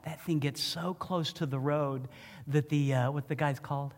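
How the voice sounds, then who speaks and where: A pastor preaches to his congregation, his fairly high voice climbing as he gets caught up in a personal story. He is heartfelt and animated. A long church reverb trails after each phrase. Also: normal speed. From Ohio.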